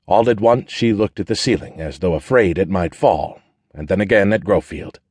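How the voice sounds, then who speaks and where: In a studio-quality, dry recording, a man reads scripted audiobook narration with a steady, measured storytelling delivery. His voice sits low and is slightly rough.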